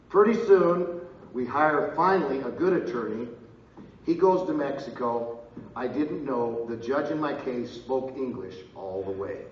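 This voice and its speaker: A middle-aged man telling a personal story to an audience, lively and loud, acting out what others said. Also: medium pitch, a little slow, a little hiss or hum. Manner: lively, loud bursts and laughs, slips into voices of others. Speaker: speaker telling his story at a live event. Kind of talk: animated storytelling with acted-out quotes. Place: large casino hall. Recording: roomy, distant, dull audio with ambience.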